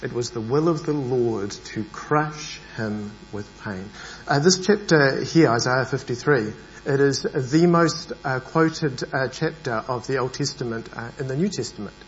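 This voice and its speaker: Man preaching with halting fillers. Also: mid-range voice. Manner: hesitant, many fillers, grows animated. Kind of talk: sermon. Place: church. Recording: dull lo-fi recording with mains hum.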